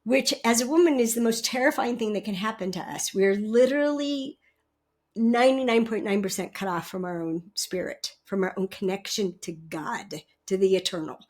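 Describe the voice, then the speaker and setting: A woman guest in a conversational interview, telling stories in an animated way, often laughing and acting out quotes. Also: mid-range voice, normal speed. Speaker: guest relationship educator.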